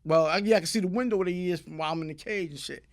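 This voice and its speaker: A middle-aged man, a guest telling stories in a casual interview, in animated street slang that bursts into loud shouting. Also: sits high, very fast. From New York.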